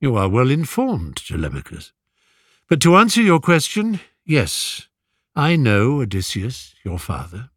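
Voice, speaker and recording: A man voicing a gentle, soft-spoken old king. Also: medium pitch, wildly swooping pitch, no echo, studio quality, heavily acted. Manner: soft, measured and kindly.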